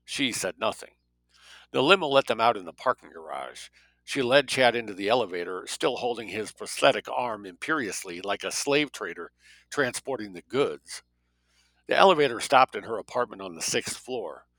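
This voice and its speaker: A man reading fiction aloud in a steady, measured way. His voice is low-pitched with a sharp, forceful edge. It is recorded dry and close, with no room sound. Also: no room sound, poor audio. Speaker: narrator. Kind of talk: audiobook narration.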